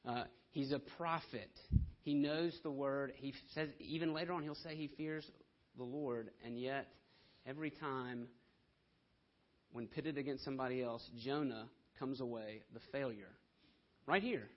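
A man's voice: mid-range voice, fairly even intonation. Conversational preacher, man, slightly muffled. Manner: conversational, often asking "right?"; slows down to stress scripture. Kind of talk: sermon.

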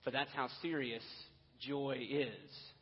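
A man's voice: medium pitch, fairly even intonation, takes it slowly, slightly rough. A man preaching a sermon as pastor, earnest, with casual asides and restarts. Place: church sanctuary. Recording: dull, echoey church hall audio.

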